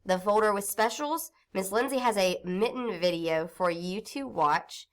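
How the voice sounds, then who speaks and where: A woman teaching young children to read, sounding out syllables slowly and encouragingly. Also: medium pitch. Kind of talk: early reading lesson for children.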